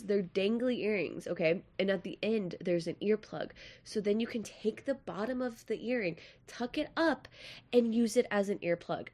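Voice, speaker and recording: A young woman hosting a podcast in casual, chatty, self-deprecating talk, with a nasal voice. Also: mid-range voice. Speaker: podcast host.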